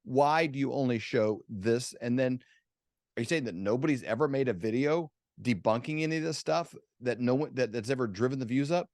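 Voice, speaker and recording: A man's voice: mid-range voice, brisk, a little mellow, no room sound. Talk show host guy, rambly chatty, dry mic. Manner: conversational, rambling with fillers and restarts. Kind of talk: casual conversation.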